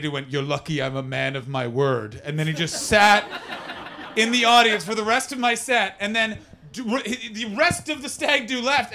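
A male stand-up comedian with a bright, ringing voice, pitched a little higher than most men. He rambles through crude, self-mocking stories and keeps turning to chat with the crowd. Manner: talks with the crowd. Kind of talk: live stand-up storytelling.

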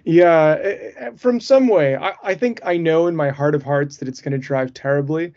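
A man's voice: a little high, moderate pace, a little mellow. Man, podcast co-host, casual chat, restarts a lot, dull muffled audio. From northeastern US. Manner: rambling, frequent fillers and restarts.

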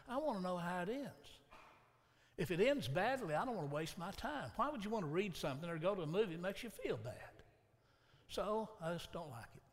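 A man preaching a sermon, telling a folksy, dramatic story and acting out the quotes himself. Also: fairly high pitch. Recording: long hall reverb.

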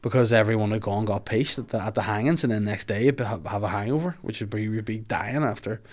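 A man's voice: on the low side, quick pace, a little mellow. A young man with a Northern Irish accent hosting a casual podcast, rambling, swearing freely and laughing a lot. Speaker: podcast host. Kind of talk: casual chat.

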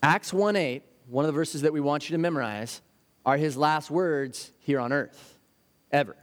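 A man delivers an earnest sermon in a fairly high voice. He tells stories and now and then acts out a worried child's voice. His words ring out with a long reverb, as in a large hall. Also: moderate pace. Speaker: pastor.

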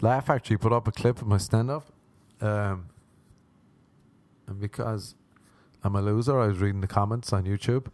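A man's voice: on the low side, fairly even intonation, moderate pace, long pauses, darkish tone, no echo. A young Irish man, a stand-up comedian, rambling self-mockingly through a casual podcast outro.

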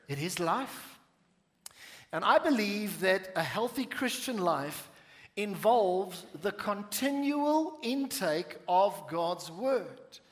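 A man preaching a sermon to a church congregation, with playful asides and slowed-down emphasis on key lines. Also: sits high, in a large hall. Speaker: pastor. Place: church sanctuary.

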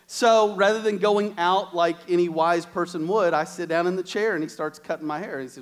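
Man, high voice, a preacher telling lively stories from the pulpit. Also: brisk, few pauses. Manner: animated storytelling with quoted asides. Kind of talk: sermon with storytelling. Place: church.

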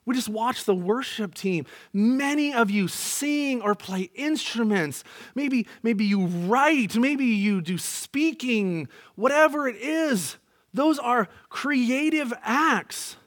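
A man's voice: very high-pitched, animated, slow pace, fairly bright tone. A man in his thirties preaching a sermon in church, earnest and emphatic, asking his listeners questions. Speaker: pastor. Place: church, to an online audience.

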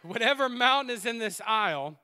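A man preaching a sermon in a church, swinging between loud exhortation and quiet asides and laughing often. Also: very high-pitched, animated, a little fast, smooth. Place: church sanctuary.

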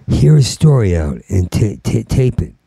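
Middle-aged male comic, rambling profane rant, heavy stutter; gravelly, dry. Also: on the low side, big pitch swings, normal speed, dark tone, dry recording. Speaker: stand-up comedian. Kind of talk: rambling stand-up monologue.

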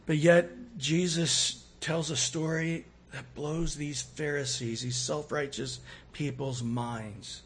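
A man preaching a sermon, acting out quoted voices and swinging between loud and soft. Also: fairly high pitch, fairly even intonation, slow pace, slight background noise. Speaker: pastor.

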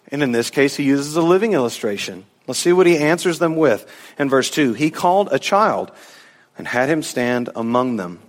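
Preaching man in a reverberant sanctuary. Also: mid-range voice. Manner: animated preaching, acting out the disciples in a casual voice. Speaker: pastor. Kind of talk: sermon. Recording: long hall reverb.

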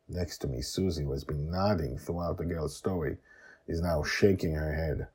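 Deep, husky man narrating a story podcast. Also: steady tone, moderate pace, a little mellow.

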